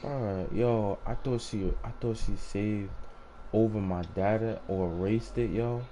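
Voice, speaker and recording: A man's voice: fairly low pitch, steady tone, a little slow, dark tone, slight background noise. A young man hosting a gaming video, talking in casual slang with heavy swearing and heated ranting. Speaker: gaming channel host. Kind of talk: casual gameplay commentary.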